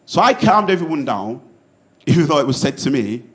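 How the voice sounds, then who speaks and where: A man's voice: on the high side, big pitch swings, a little fast, a bit bright. A man with a Yorkshire accent doing a stand-up set, telling stories in an earnest, casual way with some swearing. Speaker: stand-up comedian.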